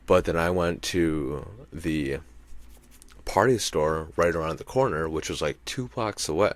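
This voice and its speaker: With a bass voice and a measured pace, this podcast host and comedian tells a wandering, foul-mouthed story in an offhand monologue. He keeps checking in with "you know what I mean," and there's a little hiss or hum in the audio.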